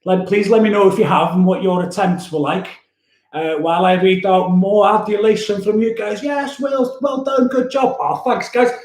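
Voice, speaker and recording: A man's voice: high-pitched, normal speed, a little mellow, reverberant. A man, a youth worker chatting casually and cheerfully on a livestream, laughing often. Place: room at home.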